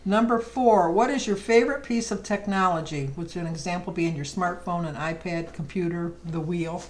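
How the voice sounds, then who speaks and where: A woman's voice: fairly low pitch, moderate pace, slight background noise, poor audio. A middle-aged woman vlogger chatting casually and rambling fondly through a list of questions. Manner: chatty, rambling, fond storytelling. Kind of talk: casual chat.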